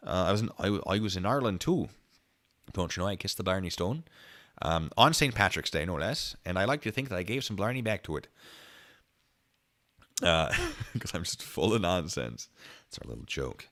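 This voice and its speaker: A man's voice: deep voice, very animated, normal speed, a bit bright. Giggly man chatting through comments. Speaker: channel host. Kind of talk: casual livestream chat, reading comments.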